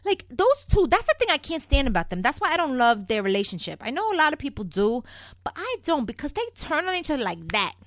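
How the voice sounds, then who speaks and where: A woman's voice: high voice, very animated, fast talker, no room sound, clean studio sound. Chatty, sassy woman recapping soaps. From Puerto Rico. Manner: chatty, sassy, addresses viewers as "people". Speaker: soap opera recap host. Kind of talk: casual chat.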